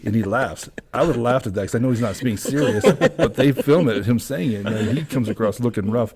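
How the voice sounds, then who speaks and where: A man's voice: medium pitch, quick pace, hardly any pauses, darkish tone. Male podcast host, casual and profane, acts out the people in his stories. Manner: profane storyteller, acts out quotes. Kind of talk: casual chat.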